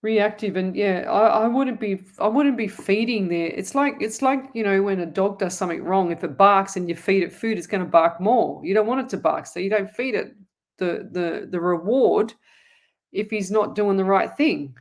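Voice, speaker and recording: A woman's voice: mid-range voice, moderate pace. A woman, a psychic medium hosting a live show and answering viewer questions in a chatty, rambling way. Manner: chatty and rambling, with frequent restarts and asides. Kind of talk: casual live-stream chat.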